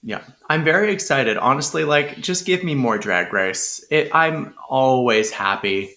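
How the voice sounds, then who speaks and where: Chatty podcast co-host guy, bright punchy voice, all excited. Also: medium pitch, unhurried. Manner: chatty and enthusiastic. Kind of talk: casual chat.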